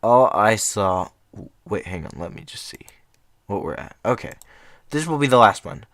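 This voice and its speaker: A man's voice: lowish voice, lively intonation, normal speed, fairly bright tone, dry recording, clean studio sound. A young man reading short horror stories aloud in a casual, rambling way, breaking off for chatty asides.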